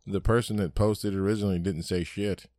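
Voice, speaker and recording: Young guy on a podcast, lowish voice, cusses a lot, dry close mic. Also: fairly even intonation, fairly quick, darkish tone, no room sound. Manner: swears freely, tells stories with acted-out quotes. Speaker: podcast co-host. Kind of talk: casual chat.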